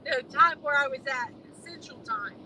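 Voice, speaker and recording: High, lively woman, rambling casual chat, recorded in a car with clear road noise. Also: moderate pace, low-quality recording. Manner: chatty, rambling, laughs easily. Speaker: co-host of a live driving stream.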